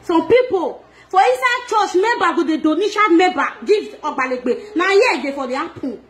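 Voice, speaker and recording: Nigerian Pidgin woman, high voice, animated gossip vlogger, laughs and scolds often. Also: moderate pace. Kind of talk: casual gossip monologue.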